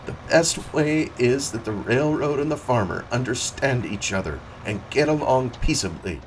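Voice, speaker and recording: A man's voice: medium pitch, moderate pace, pitched above the performer's own voice, natural voice. Unruffled, placating railroad man, speaks evenly, read by a male narrator; mic a bit distant, faint background hum. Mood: smooth. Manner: calm, placating. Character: calm, smooth-talking male railroad agent.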